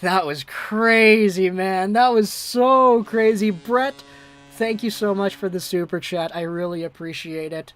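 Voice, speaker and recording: An amateur livestream host calling a hockey game play by play, excitable and breathless. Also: mid-range voice, measured pace.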